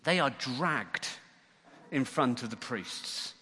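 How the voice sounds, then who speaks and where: A man preaching a sermon as church leader, lively and acting out the voices in a Bible story. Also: medium pitch, slow pace, husky. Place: church hall. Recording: long church-hall reverb.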